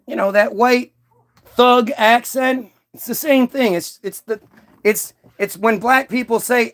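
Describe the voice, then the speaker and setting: A man's voice: very high-pitched, a little slow, fairly bright tone. A man hosting a profane, rambling rant monologue, full of restarts and swearing. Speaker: host.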